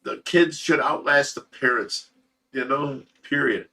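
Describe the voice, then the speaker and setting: A man's voice: mid-range voice, unhurried, pushed and bright, distant mic. A man hosting a casual livestream, talking in an emotional, rambling way with repeated words and swearing. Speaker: host of a fish rescue livestream.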